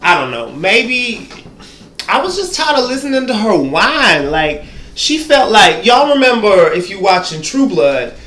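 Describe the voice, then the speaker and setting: A man's voice: high voice, very animated, moderate pace, fairly bright tone, echoey room. A man giving a sassy, profane, rambling comedic TV recap, talking straight to the viewer.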